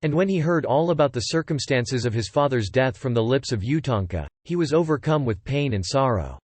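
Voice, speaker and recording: A man's voice: mid-range voice, no echo. Man reading an ancient epic aloud, dry sound. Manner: even, measured reading in archaic English. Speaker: audiobook reader. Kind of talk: scripted narration of an old epic translation.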